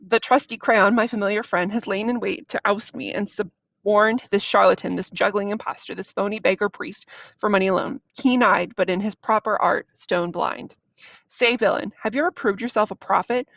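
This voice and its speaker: A woman's voice: medium pitch, fairly even intonation, normal speed, vocal fry, a bit bright, dry recording. A woman reading the lines of a proud, angry male king in a scornful, accusing way. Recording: dull, dry lo-fi recording.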